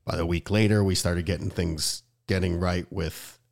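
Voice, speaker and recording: Male podcast host, deep and gravelly, emotional and rambling. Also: fairly even intonation, moderate pace. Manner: emotional, rambling with frequent restarts. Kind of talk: heartfelt conversational interview.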